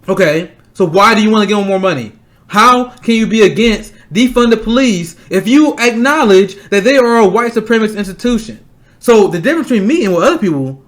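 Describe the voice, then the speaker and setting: A young man hosting a political stream, angry and blunt, ranting fast and swearing often. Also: sits high, a bit bright. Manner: fast, repeating himself to stress points. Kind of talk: heated political commentary.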